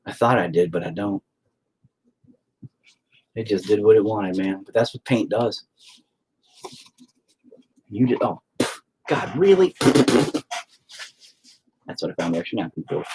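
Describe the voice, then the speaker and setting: A man's voice: on the low side, animated, measured pace, long pauses, darkish tone, breathy edge. A man hosting a painting livestream from home, talking in a rambling, sarcastic, self-mocking way with plenty of swearing. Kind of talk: casual chat while painting.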